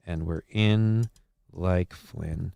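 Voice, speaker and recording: A man's voice: deep voice, drawn-out words, gravelly, mellow, clear, resonant tone. Defensive, rambling man livestreaming to chat. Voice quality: voice cracks. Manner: defensive, rambling, swears casually. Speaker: livestream host reading chat. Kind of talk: casual live-stream chat.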